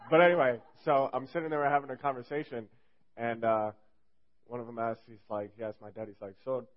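A man's voice: medium pitch, level tone, a little fast. A young man giving a casual youth sermon as a fill-in speaker, rambling and joking with lots of fillers. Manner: rambling and jokey, heavy on fillers. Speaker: youth group speaker filling in. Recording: dull lo-fi recording.

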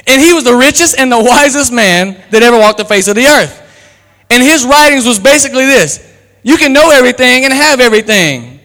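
A man's voice: extremely high pitch, lively intonation, a little fast, fairly bright tone, in a large hall. A man preaching a sermon as pastor, acting out quotes and calling on the crowd to respond.

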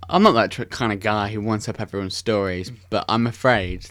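Rambling young man, lowish voice. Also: fairly quick, fairly bright tone, no echo, clean studio sound. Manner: rambling, enthusiastic, self-correcting. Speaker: podcast host. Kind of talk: casual film chat.

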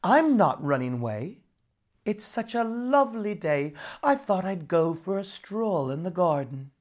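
A woman's voice: lowish voice, sing-song, unhurried, a little mellow, pitched above the performer's own voice. A woman voicing a clever young wife who talks sweetly and soothingly, in a storybook reading. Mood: teasing. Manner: sugary and soothing.

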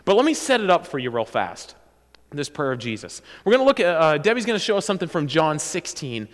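A man delivers a sermon to his congregation, talking in a casual, animated way. His voice sits fairly high and swings widely in pitch. The sound carries the long reverb of a church hall. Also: fairly quick. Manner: animated, conversational preaching with asides and self-corrections. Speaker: pastor. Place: church sanctuary.

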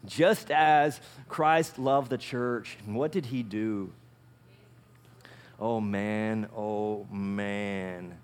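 A male pastor preaching a sermon in an animated way, often asking his listeners questions. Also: lowish voice, very slow, smooth. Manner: animated, asks the audience questions.

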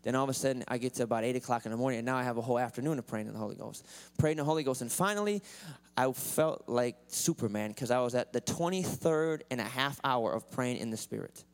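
A man preaching a sermon in a church, telling a personal story and rising to loud, sing-song preaching at the high points. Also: fast talker.

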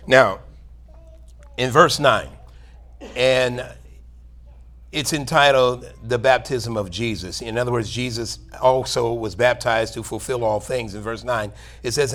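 A male pastor preaches a sermon in church with a medium-pitched, slightly bright voice. He reads scripture aloud and calls on the congregation for amens.

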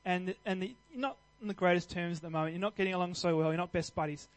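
A man's voice: high voice, fairly even intonation, fast talker, low-quality recording. A man preaching a sermon in an earnest, conversational way, restarting phrases and building to emphatic passages.

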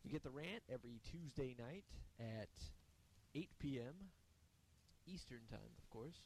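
A man talks through his podcast's weekly plugs in a loose, rambling way, peppered with uhs and ums. His voice sits at an ordinary middle pitch. A faint hiss runs under the recording. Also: lively intonation, measured pace, a little mellow. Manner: rambling, filler-heavy delivery. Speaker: podcast co-host. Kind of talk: casual podcast chat.

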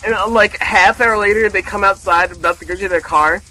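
A young man with a high, bright, sharp voice rattles through a story on a late-night podcast, swearing freely and acting out what everyone said. Faint music plays behind him. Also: brisk, low-quality recording. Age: 20s. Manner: animated, swearing, acts out quotes. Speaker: podcast co-host. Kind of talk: casual chat, storytelling. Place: at home, remote call.

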